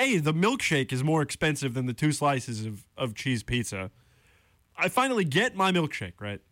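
A man's voice: fairly high pitch, bright, forceful tone, dry recording. A young man working as a college radio DJ, ranting on air in a casual, exasperated way and then introducing songs and announcements from a studio microphone. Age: young adult.

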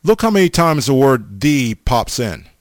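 A man's voice: medium pitch, sing-song, a little slow, no echo, studio quality. A man preaching a sermon, blunt and emphatic, stammering over restarts and repeating himself for stress.

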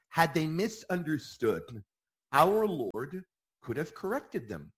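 A man hosting a Catholic apologetics talk in a preaching style, emphatic and animated, repeating phrases for emphasis. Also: sits high, measured pace, breathy edge.

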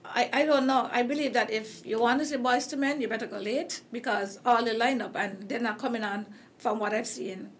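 A woman's voice: fairly high pitch, fairly quick, a little hiss or hum. A woman with a Caribbean accent hosting a casual interview chat, rambling with many fillers and restarts while she is losing her voice. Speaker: host.

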